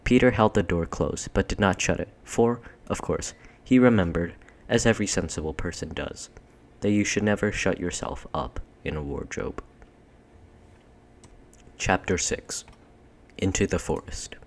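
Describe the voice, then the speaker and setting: A man reading a children's storybook aloud in a measured, expressive narration. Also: low voice. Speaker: audiobook reader.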